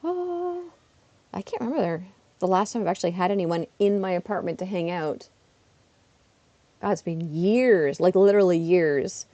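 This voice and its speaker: A woman chatting casually on a livestream while playing a game, self-deprecating and bursting into excited exclamations. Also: fairly low pitch, moderate pace, no room sound, highs cut off. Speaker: streamer. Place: her apartment.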